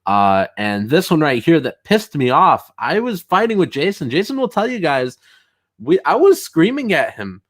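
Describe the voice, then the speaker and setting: Excitable male livestream host. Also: on the high side, normal speed. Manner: chatty, excitable, laughs often, rising to shouts when riled. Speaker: streamer host reading chat. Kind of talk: casual livestream chat.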